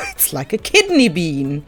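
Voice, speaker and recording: Woman chatting to herself over a game, real slow, voice bouncing all over, lowish, bit of music behind. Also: wildly swooping pitch, fairly bright tone. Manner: thinks aloud, asks and answers herself; giggly and easily delighted. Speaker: gaming YouTuber. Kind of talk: casual gameplay commentary.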